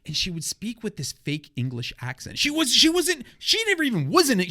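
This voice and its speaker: A man's voice: high-pitched, fairly quick. A man hosting a podcast, telling a story casually with lots of swearing and a habit of tagging "right?" onto his sentences. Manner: animated, profane, frequent "right?" tag. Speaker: podcast host.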